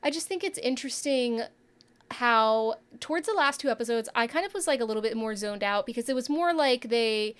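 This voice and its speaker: A young woman from Virginia co-hosting a podcast, telling TV anecdotes in a relaxed, chatty way. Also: a little high, fairly quick, smooth. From Virginia, USA. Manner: relaxed, storytelling with quoted asides. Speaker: podcast co-host. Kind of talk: casual pop culture chat.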